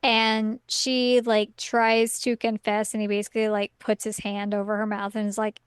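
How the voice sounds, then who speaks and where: A woman's voice: mid-range voice, monotone, moderate pace, few pauses, clean tone, no echo. A woman co-hosting a podcast, casually recapping a story in a chatty way full of "like" and "um". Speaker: podcast co-host.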